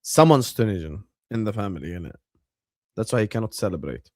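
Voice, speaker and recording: A man hosting a casual live watchalong, chatty and bursting into excited shouts. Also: lowish voice, a little fast, no echo, studio quality. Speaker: livestream host.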